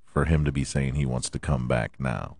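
A man hosting a podcast, hoarse from allergies and often clearing his throat, ranting about football with lots of swearing and rhetorical questions. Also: extremely low pitch, normal speed, darkish tone, no echo. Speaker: podcast host. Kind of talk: casual sports rant.

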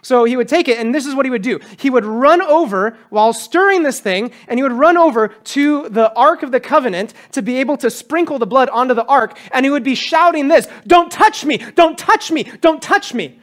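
A man preaching a sermon as pastor, animated, acting out quotes with a raised voice. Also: extremely high pitch, a little fast, few pauses. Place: church.

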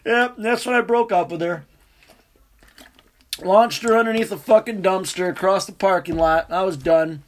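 A man telling a rambling, profane, animated story in casual chat. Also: sits high, moderate pace.

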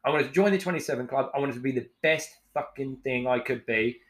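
A man's voice: mid-range voice, fast, fairly bright tone. A man in his forties, a chef and podcast guest, telling his story frankly and emotionally, swearing freely and acting out old conversations.

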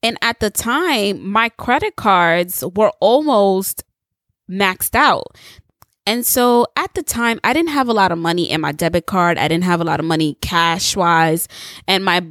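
Woman preacher, testimony sermon, animated storyteller, dry close recording. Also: mid-range voice, measured pace, no echo. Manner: animated storytelling, acts out dialogue; addresses listeners directly with rhetorical questions.

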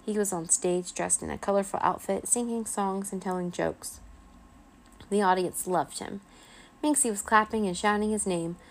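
Woman reading a kids bedtime story, gravelly voice, expressive. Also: medium pitch, moderate pace. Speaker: narrator.

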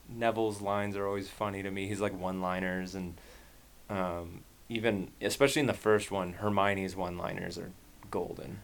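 A man in his twenties chatting casually on a podcast, playful and quick to laugh. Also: fairly low pitch. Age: 20s.

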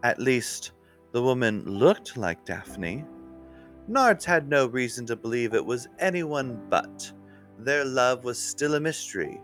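A man narrating a mystery story in an unhurried, expressive way. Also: mid-range voice, soft background music.

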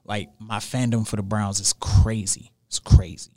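A young man guesting on a podcast, talking sports in an emphatic, animated way and repeating phrases for weight. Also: on the low side, normal speed. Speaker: podcast guest, radio show host. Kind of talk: casual sports chat. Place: podcast studio.

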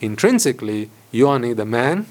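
Buddhist monk giving a questioning talk. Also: male voice, medium pitch, sing-song, fairly quick, darkish tone. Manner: questioning, rhetorical, repeats phrases for emphasis. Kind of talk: dharma talk to lay audience. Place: hall with board.

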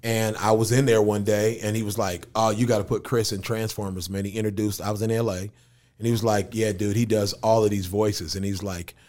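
A man's voice: lowish voice, brisk. A man who raps and does voice acting, telling a story in an interview in casual, slangy talk and acting out the voices of people he quotes. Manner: animated, acts out quoted voices. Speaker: rapper and voice actor.

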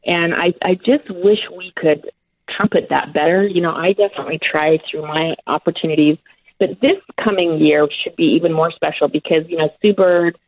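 A woman's voice: lowish voice, steady tone, moderate pace, breathy edge. A middle-aged woman, a sports broadcaster, telling stories with enthusiasm in a casual interview and laughing often. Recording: tinny phone-like line.

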